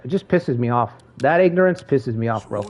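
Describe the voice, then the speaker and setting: A man streaming a strategy game, telling stories in a casual, animated way and swearing freely. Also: medium pitch, a little fast. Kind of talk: casual gaming stream chat. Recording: dull lo-fi stream audio with faint game music.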